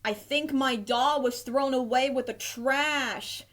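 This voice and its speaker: A small storybook monster who speaks in a plaintive, childlike way, as a woman reading aloud puts him on. His voice sits a bit high and his words come slowly. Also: a bit bright. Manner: plaintive, then wailing. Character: sad little monster seeking his lost doll.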